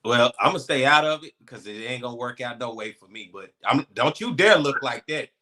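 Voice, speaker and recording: A man's voice: mid-range voice, expressive, a little fast, sharp tone. A man co-hosting a sports talk show, speaking casually and folksily.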